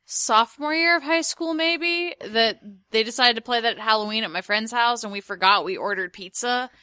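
A woman in a casual group chat, telling stories in a lively way. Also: a little high, moderate pace, clean tone, dry recording, studio quality. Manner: lively storyteller.

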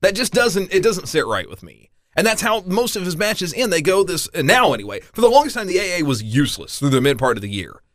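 A man hosting a casual chat, animated and quick to slip into mocking voices. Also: high voice, dry recording, clean studio sound. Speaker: podcast host.

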